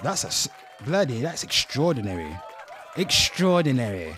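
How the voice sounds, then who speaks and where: A man's voice: mid-range voice, big pitch swings, moderate pace, fairly bright tone, a faint crowd, slight background noise. An English man in his thirties hosting a casual reaction commentary, swearing freely and talking straight to his chat. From England. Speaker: host.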